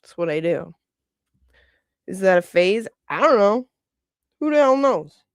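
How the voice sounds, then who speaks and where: A woman's voice: medium pitch, big pitch swings, unhurried, no echo, studio quality. A woman in her forties hosting a casual livestream, rambling, chuckling often and reading out viewer comments. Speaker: livestream host.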